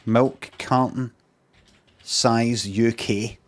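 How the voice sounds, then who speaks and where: Speaking very slowly with fairly even intonation, a middle-aged Scottish man delivers a meandering comic rant on a live stream. He swears all the time, keeps repeating himself, and holds a plain, average pitch.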